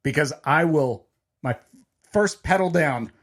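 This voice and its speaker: A man's voice: on the high side, animated, a little slow. A middle-aged man co-hosting a casual podcast, joking around and laughing often while he talks. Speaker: podcast co-host. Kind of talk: casual chat.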